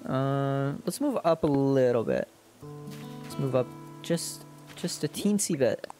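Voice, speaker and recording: A streamer talks casually over gameplay with playful, crude jokes. The voice swings lively up and down, and game music plays clearly behind it. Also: medium pitch, takes it slowly.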